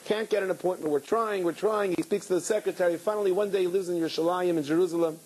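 A man giving an animated storytelling talk to a live audience as a guest speaker, with dramatic pauses. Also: high voice, breathy edge, low-quality recording. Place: event hall with an audience.

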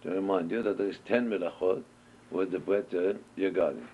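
Deep-voiced man teaching a Torah class. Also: a little fast, breathy edge. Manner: asks questions and answers them, storytelling. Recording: dull lo-fi recording with faint noise.

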